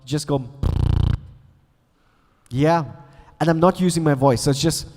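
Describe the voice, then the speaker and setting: A man's voice: on the high side, measured pace, darkish tone. A man teaching beatbox sounds on stage, playfully coaxing the audience to join in. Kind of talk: live stage workshop. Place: large conference hall. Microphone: handheld stage mic. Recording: long hall reverb.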